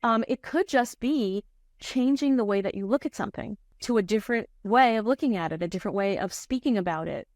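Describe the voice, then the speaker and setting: A woman's voice: mid-range voice, a little fast, a little mellow, dry recording, studio quality. A middle-aged woman working as a grief counselor, answering interview questions in a candid, searching way with frequent restarts.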